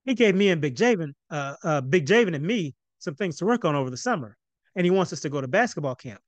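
A man voicing an eager, excitable teenage boy in a read-aloud novel, his delivery pitched up and pleading. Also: fast, dry recording, lightly acted.

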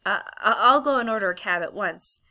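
A frightened old gentleman who stammers and fawns, as a woman reading an audiobook puts him on. The voice is gravelly and bright, and it gets louder as he grovels. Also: medium pitch, lively intonation, moderate pace. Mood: flustered. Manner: stammering, obsequious. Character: nervous fawning old gentleman magician.

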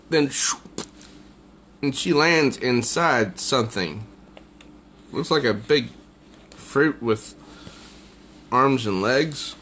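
A man's voice: medium pitch, very slow, pauses often, a bit bright, a little hiss or hum. A man casually reviewing a comic book, summarizing the pages with evident amusement. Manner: amused, easily tickled by the jokes.

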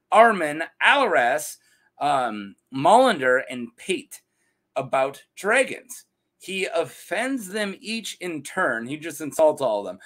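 A man with a fairly high voice that swoops up and down all over the place. He retells fantasy lore in a casual, joking way and often laughs at his own asides, like a host chatting to his regular viewers. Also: a bit bright.

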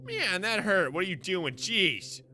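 A man giving excitable, self-mocking let's play commentary, swearing and reacting to a video game. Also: a little high, moderate pace, heavy background noise. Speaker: gaming YouTuber.

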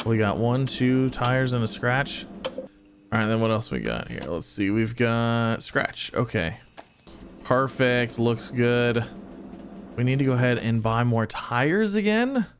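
A man's voice: mid-range voice, slight background noise. A man casually commenting on his own gameplay, talking to viewers and to himself with frequent exclamations. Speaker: gaming channel host.

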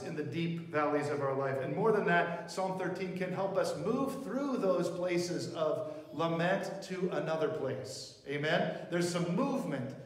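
A man with a high voice preaches slowly and unhurriedly, talking with his listeners through questions. He is heard from some distance in a large, echoing church sanctuary with long reverb. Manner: conversational preaching with rhetorical questions. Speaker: pastor. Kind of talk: sermon. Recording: roomy hall reverb, mic at a distance.

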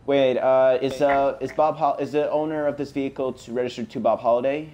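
A man on a headset hosts a game role-play, casually playing a police officer in a chatty, hesitant way full of uh fillers and restarts. His mid-range voice is brisk, dark-toned and fairly even in intonation, and the sound is lo-fi with a little hiss or hum.

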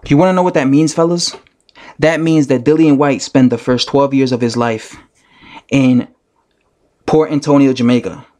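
A man rants on camera, speaking directly to his viewers. He keeps circling back to the same argument with an insistent, repetitive push. His voice sits at an ordinary male pitch. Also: steady tone, moderate pace, long pauses, a little mellow. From United States. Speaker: vlogger. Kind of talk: ranting commentary vlog.

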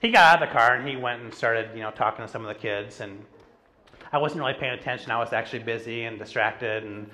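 A man's voice: medium pitch, fast talker, sharp tone, a little hiss or hum. A middle-aged man, a pastor, preaching a sermon in a casual, storytelling way, with self-deprecating humor and lots of filler words. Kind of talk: sermon with personal stories. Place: church sanctuary.

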